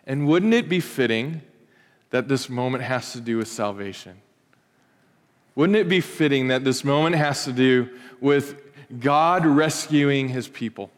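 A man pastor giving a sermon in a church sanctuary, telling the story in a lively way with pop-culture asides. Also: medium pitch, a little slow. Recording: long reverb of a large hall.

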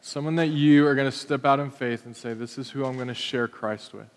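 A man leading his congregation as pastor, giving calm, gentle instructions. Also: medium pitch, brisk. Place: church auditorium. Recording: reverberant hall sound.

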